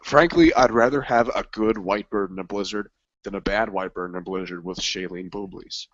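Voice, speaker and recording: A man in casual movie chat, crude and joking, acting out scenes in quick voices. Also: lowish voice, fairly bright tone, no room sound. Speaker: co-host. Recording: dull lo-fi recording.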